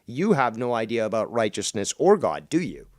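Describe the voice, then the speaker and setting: A man's voice: mid-range voice, sing-song, moderate pace, a little mellow. Combative, profane male streamer ranting. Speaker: streamer reacting to a critic's videos. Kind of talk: ranting commentary.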